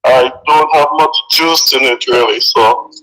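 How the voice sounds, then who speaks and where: An older man from St. Vincent with a Vincentian accent softened by decades in the US, calling into a live chat and speaking haltingly, often repeating himself. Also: mid-range voice. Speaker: caller. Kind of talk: casual phone-in chat. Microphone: phone. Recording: tinny phone line.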